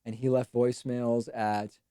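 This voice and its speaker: A man's voice: mid-range voice, flat delivery, measured pace, dark tone, smooth, dry recording. A man hosting a live stream, giving dry, wry commentary in a casual chatty way.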